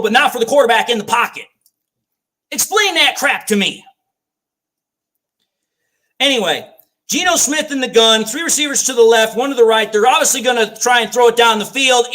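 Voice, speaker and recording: Fired-up male fan host, high animated voice, swears a lot while calling plays. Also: a little fast. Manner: ranting, swears freely, repeats complaints. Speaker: fan watch-party host. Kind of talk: live play-by-play fan commentary.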